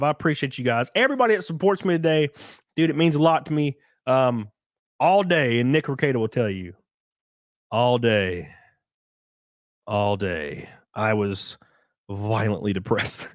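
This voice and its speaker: A man chats on his livestream, reading viewer messages aloud and mimicking critics in mocking voices. His voice sits at an ordinary middle pitch, and the room sounds dry and close. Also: no echo. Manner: animated, swears, mocks critics in put-on voices. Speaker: livestream host. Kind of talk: casual livestream chat reading super chats.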